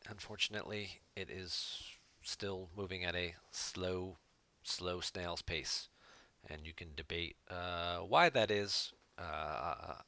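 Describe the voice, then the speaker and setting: A man with a deep, pushed, bright voice chats casually with his viewers while playing an online card game. He talks to people in the chat, offering relaxed gameplay commentary.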